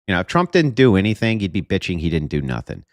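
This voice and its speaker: A man's voice: deep voice, big pitch swings, fast, no room sound, studio quality. A man giving blunt, profane, mocking commentary while reacting to news clips.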